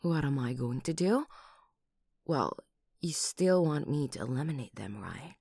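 A woman voicing a doting, protective lover who kills for her partner, in a whispered role-play with breathy whispers and sudden loud outbursts, close to the microphone. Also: extremely low pitch, animated, measured pace, dry recording, heavily acted. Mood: doting worried.

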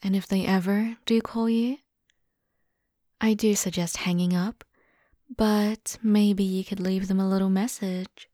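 A woman playing an obsessive devoted lover, in a slow whispered role-play. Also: medium pitch, little pitch movement, no echo, studio quality, lightly acted. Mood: teasing. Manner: soft, intimate, half-whispered.

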